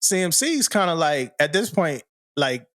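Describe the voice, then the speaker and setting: A man's voice: a little high, very animated, measured pace, a bit bright, no echo, clean studio sound. A man, a podcast co-host, telling a story in a loose, slangy way, often laughing and asking "you know what I mean". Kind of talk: casual storytelling chat.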